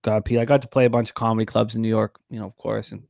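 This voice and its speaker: A man's voice: fairly low pitch, little pitch movement, rapid-fire, gravelly, a little mellow, no room sound. A man hosting a sports betting radio show, rambling through stats and comedy club stories. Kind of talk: casual sports betting talk.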